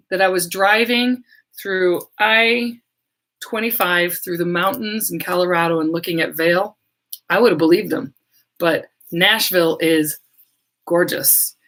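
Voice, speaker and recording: A middle-aged woman who works as a medium, chatting casually on a livestream with her viewers, rambling and laughing often, her voice a little hoarse. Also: mid-range voice, a bit bright. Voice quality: slightly hoarse.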